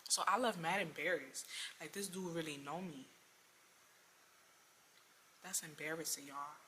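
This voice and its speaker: A young woman telling an exasperated story about a bad date in a storytime vlog, lively and full of slang. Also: low voice, measured pace, a little hiss or hum. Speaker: vlogger.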